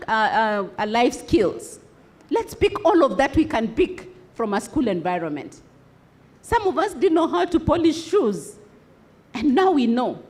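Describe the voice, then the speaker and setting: A woman's voice: high voice, darkish tone. A woman giving a motivational speech to students at a conference, asking rhetorical questions and getting the audience to answer back. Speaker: conference speaker.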